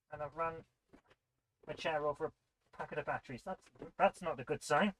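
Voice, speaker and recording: A woman's voice: sits low, fairly quick, pauses often, a little hiss or hum. A woman hosting a live retro gaming stream, reading viewer comments aloud in a chatty, upbeat way and laughing easily.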